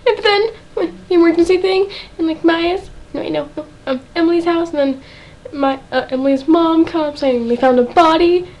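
A teenage girl rambling excitedly in a casual reaction vlog, full of "like" and dramatic outbursts. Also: very high-pitched, moderate pace, highs cut off. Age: teens. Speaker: fan vlogger.

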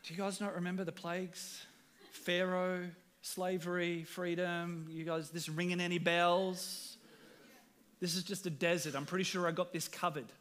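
A man voicing an amused, exasperated God in heaven, chiding gently with weary questions. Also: high-pitched, little pitch movement, moderate pace.

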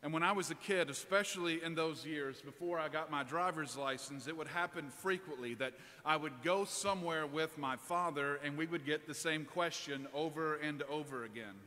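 A man preaches a sermon in a large church, easing into it with a personal story told in a relaxed, conversational way. His voice sits fairly high and sounds bright and forceful. Long reverb rings around him. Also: moderate pace, hardly any pauses. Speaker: priest preaching.

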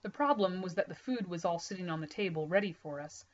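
A woman reads a novel aloud at a steady pace, her voice sitting a little low. The sound is dull and lo-fi, a plain home read-aloud. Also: quick pace. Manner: steady, plain narration with small slips. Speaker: reader.

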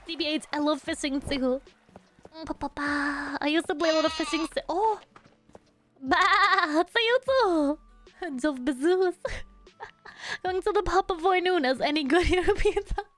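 Brief: young woman game streamer, high bright-toned voice, giggly and playful, faint music underneath. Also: moderate pace. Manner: playful, giggly, hums little nonsense syllables. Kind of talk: casual live game-stream chat.

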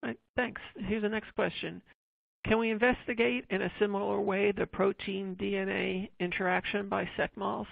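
Raspy moderator reading questions. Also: medium pitch, level tone, normal speed, no room sound. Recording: tinny phone-like line, dry.

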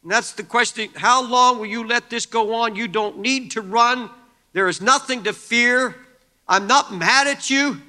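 A man preaching a sermon as pastor, impassioned, moving between hushed pleading and shouting. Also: very high voice, fairly even intonation, moderate pace, long reverb tail.

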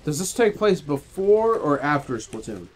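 A man's voice: a little high, very animated, moderate pace, slight background noise. A young man chatting casually over a video game, making dry, teasing jokes. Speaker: gamer. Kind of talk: casual gaming chat.

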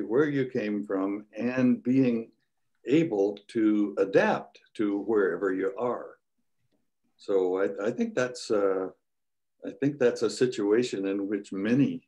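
An older man recalls his life in a low, deep voice. He takes his time over every phrase, with folksy asides and small chuckles. He sounds like he is on a video call. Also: darkish tone. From United States. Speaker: guest scholar. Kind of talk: reflective storytelling.

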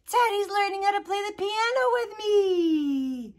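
Young woman host for a kids' show, slow, encouraging, exaggerated delivery. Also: very high voice. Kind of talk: sing-song talk to small children.

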